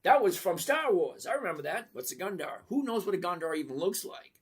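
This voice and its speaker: A man's voice: high-pitched, very animated, fairly quick, husky. A man in his fifties hosting a casual live stream, chatty and jokey as he greets viewers one by one and teaches investing.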